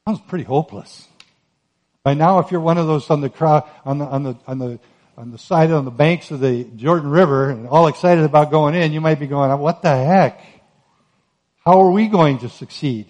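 A man's voice: a little high, a little mellow. Earnest male pastor preaching. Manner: earnest preaching, rising to emphatic peaks. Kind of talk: sermon.

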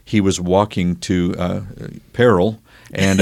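Easygoing man with a low voice. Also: fairly even intonation, takes it slowly, vocal fry, slight background noise. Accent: Oklahoma. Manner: musing, easygoing, many fillers. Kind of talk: casual chat.

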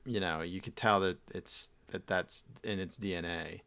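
A man co-hosting a podcast in casual, profane, rambling chat, mostly low-key. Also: fairly even intonation, normal speed, vocal fry, bright, forceful tone, no room sound. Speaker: podcast co-host.

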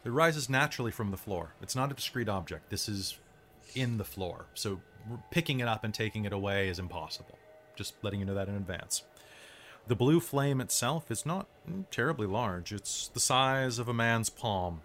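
A man narrating as dungeon master, describing scenes in a calm, measured way. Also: on the low side, a little hiss or hum. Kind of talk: narrating a tabletop game.

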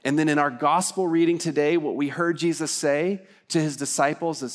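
A man's voice: a little high, fairly even intonation, normal speed, hardly any pauses. Earnest man preaching a sermon. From Texas. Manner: earnest, conversational preaching with rhetorical questions. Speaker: pastor. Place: church, livestream service.

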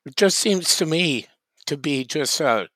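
Man with a somewhat high voice, wry chat. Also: expressive, a little slow, bright, forceful tone, no echo. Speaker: podcast co-host. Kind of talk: casual chat.

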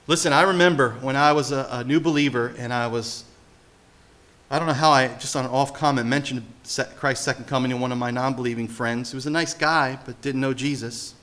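A male pastor giving an animated sermon, swinging between hushed and loud delivery and often putting questions to his listeners. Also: medium pitch, fairly quick.

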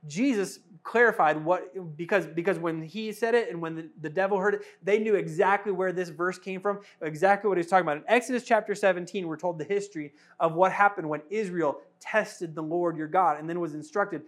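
Male pastor with a high voice, conversational, animated sermon delivery. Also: fairly quick, hardly any pauses. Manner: conversational, animated, rhetorical questions.

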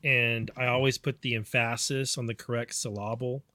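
A man's voice: mid-range voice, steady tone, normal speed, sharp tone, no room sound. A man co-hosting a casual podcast, talking earnestly with lots of ums and restarts. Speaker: podcast co-host. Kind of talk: casual chat.

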